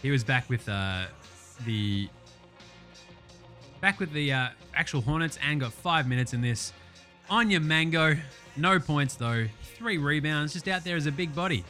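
A man's voice: a little high, sharp tone. A young Australian man hosting a casual basketball podcast, rattling off stats with jokes, swearing and lots of fillers. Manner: profane, jokey and enthusiastic, with many fillers. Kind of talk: casual sports recap podcast.

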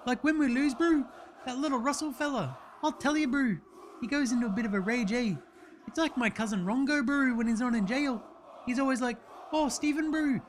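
A man's voice: very high-pitched, a little hiss or hum, pitched above the performer's own voice. A man voicing a laid-back young New Zealand basketball player with a drawling New Zealand accent who says bro and eh constantly. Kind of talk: comedy sketch.

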